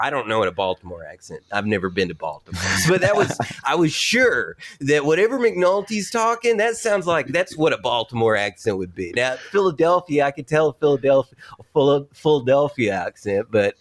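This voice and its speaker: A man co-hosting a podcast in casual chat, rambling and hesitant, laughing often. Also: mid-range voice. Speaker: podcast co-host.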